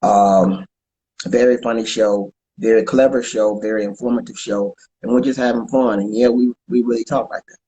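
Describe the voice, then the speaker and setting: Halting, easygoing man. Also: fairly low pitch, steady tone, mellow, rough recording. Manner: halting, repeats words, plugs his show. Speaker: comedian guest and podcast co-host. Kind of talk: casual interview chat.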